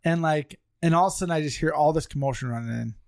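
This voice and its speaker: A man's voice: a little high, fast talker, vocal fry, dry recording, studio quality. A man co-hosting a podcast, telling a funny story in casual chat with friends and laughing as he goes. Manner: animated, laughs while telling stories. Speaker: podcast co-host.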